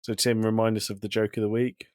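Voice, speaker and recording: A British man co-hosting a podcast in casual chat, telling jokes in a deadpan way. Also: lowish voice, fast, heavy background noise. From Britain. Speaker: podcast co-host.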